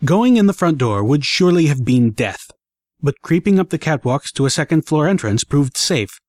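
A man reading a first-person action story aloud in an expressive, dramatic way. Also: on the high side, normal speed, dry recording, studio quality. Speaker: audiobook narrator.

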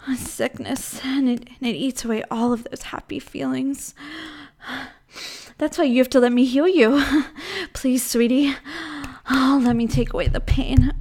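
A woman voicing a possessive, menacing motherly woman in an audio role-play, cooing and breathy. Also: high voice, a little mellow.

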